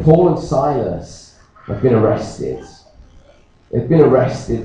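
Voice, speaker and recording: A man's voice: medium pitch, dark tone. British man, pastor, jokey sermon storyteller; distant mic, big church echo. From Britain.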